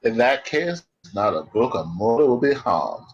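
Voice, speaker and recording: A man's voice: mid-range voice, very animated, moderate pace, husky, lo-fi sound. A man voicing an eager, shy male helper who fakes a cowboy drawl over a Boston accent, polite and folksy. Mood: earnest. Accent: put-on cowboy drawl over Boston.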